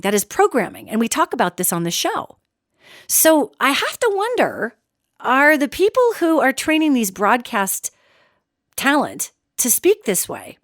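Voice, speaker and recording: Middle-aged lady hosting her own podcast, higher voice, swings up and down a lot, talks straight to listeners. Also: dry recording, clean studio sound. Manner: animated, emphatic, addresses listeners as "gang". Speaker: podcast host. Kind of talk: solo podcast monologue.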